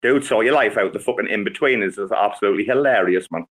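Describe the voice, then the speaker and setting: A man's voice: on the low side, quick pace, a bit bright. A young British man, a regular on a crypto chat call, swearing and teasing theatrically in casual banter.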